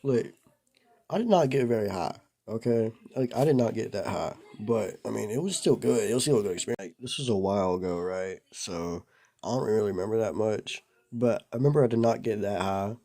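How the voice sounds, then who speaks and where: A man's voice: on the low side, lively intonation, fairly quick, dark tone. A young man casually telling a rambling story to the camera, full of filler words and slang. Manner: rambling, laid-back, lots of "bro" and "like". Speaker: vlogger.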